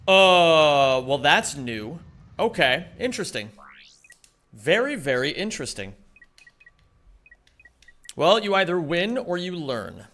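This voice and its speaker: A man's voice: a little high, sing-song, takes it slowly, pauses often, a bit bright. A man streaming live, chatting casually with his viewers, greeting them by name and swearing freely as he plays.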